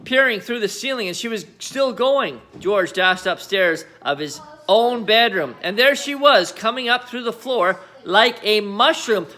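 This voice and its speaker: Animated man reading a storybook. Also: sits high. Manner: animated, expressive. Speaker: audiobook reader.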